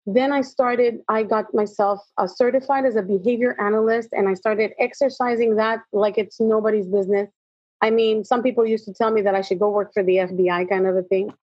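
In a dry, dull lo-fi recording, a middle-aged woman speaks in a mid-range voice, a little fast. A motivational speaker on an interview, she shares her personal story in animated fashion, playing out the dialogue.

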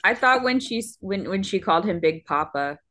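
A woman's voice: medium pitch, animated, a little fast, sharp tone. A woman co-hosting a casual film-review podcast, asking teasing questions with laughter. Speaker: podcast co-host.

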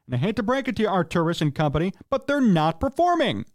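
A man's voice: high voice, big pitch swings, fast, no room sound, studio quality. A man hosting a solo sports talk show, ranting in an opinionated, exasperated way and asking rhetorical questions. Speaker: sports radio host.

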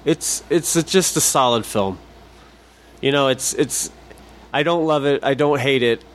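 A man's voice: medium pitch, a little slow. A man co-hosting a podcast, chatting casually about movies, laid-back, swearing freely and laughing often. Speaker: podcast co-host. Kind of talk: casual movie review chat.

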